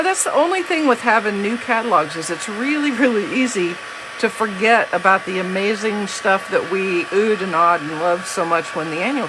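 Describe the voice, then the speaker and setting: A woman's voice: medium pitch, noisy background. A woman, chatting and joking with viewers while she demonstrates card making. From Southern US. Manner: chatty, jokey, talks to viewers. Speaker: crafting demonstrator. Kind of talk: live card-making demo.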